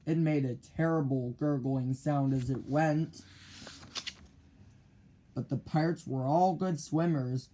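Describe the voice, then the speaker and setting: A man reading a children's picture book aloud in a slow, clear storytelling manner. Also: on the high side, warm tone, a little hiss or hum.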